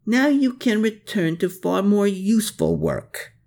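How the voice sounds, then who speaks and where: The voice is a scornful, snarling military colonel, as a male narrator plays him, pitched up from the reader's own tone. He growls and snaps with lively ups and downs. It sounds like a storybook reading. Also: unhurried, full character voice. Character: snarling, sneering middle-aged male army colonel. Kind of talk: audiobook character voice.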